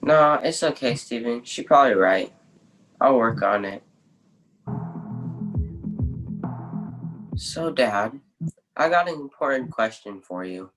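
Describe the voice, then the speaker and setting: A teenage boy acts out a relaxed, stubborn teenage boy who answers back in loose street slang. He talks in a middle-pitched, everyday voice in an improvised stage scene. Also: moderate pace, a little hiss or hum, natural voice, poor audio. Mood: earnest. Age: teens. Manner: casual slangy street talk.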